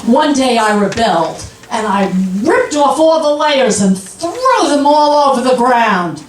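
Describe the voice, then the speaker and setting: An older woman doing a stand-up comedy set, delivering punchlines in an unhurried deadpan way. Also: sits high. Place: comedy club stage. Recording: echoey club from a distant mic.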